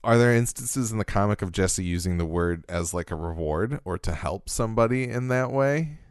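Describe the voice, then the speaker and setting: A man's voice: lowish voice, expressive, normal speed, clean tone, no room sound, studio quality. A man co-hosting a podcast in casual chat, thoughtful and a little hesitant, with fillers and restarts. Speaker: podcast co-host.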